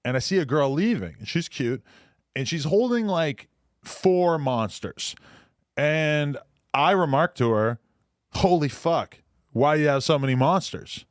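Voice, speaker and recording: A man's voice: a little high, animated, measured pace, no echo, clean studio sound. A man in his twenties co-hosting a podcast, joking crudely and reading a product label aloud in casual banter. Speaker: podcast co-host.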